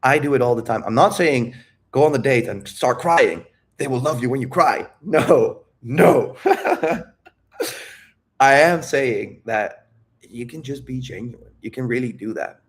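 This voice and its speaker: A man's voice: mid-range voice, lively intonation, normal speed, a bit bright. A man talking candidly about dating and his emotions, rambling and calling the listener "dude". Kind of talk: casual talk.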